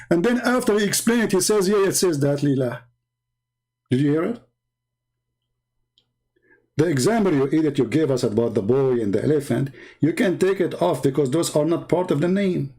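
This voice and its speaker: A man's voice: on the high side, expressive, normal speed, pauses often, mellow. A man hosting a call-in debate, combative and mocking, who trades insults and talks over his guests. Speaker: debate host. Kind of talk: heated live call-in debate.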